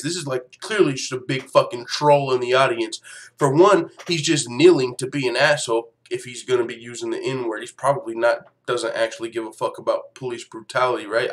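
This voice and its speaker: A man hosting a fight news show, ranting casually with lots of swearing and laughter. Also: medium pitch. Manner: profane, animated, laughs often. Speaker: MMA news show host. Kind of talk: casual commentary rant.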